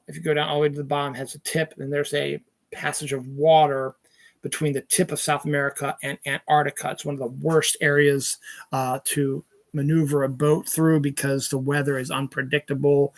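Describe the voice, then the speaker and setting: A middle-aged man hosts a solo podcast, rambling through entertainment news, swearing often and losing his train of thought. His voice sits on the high side, creaky and a bit bright, with no echo on the recording.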